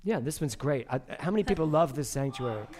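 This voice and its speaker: A man's voice: mid-range voice, lively intonation, quick pace, a little mellow, slight background noise. Man, spiritual director, casual pulpit talk, chatty, playful, laughs often, church sanctuary.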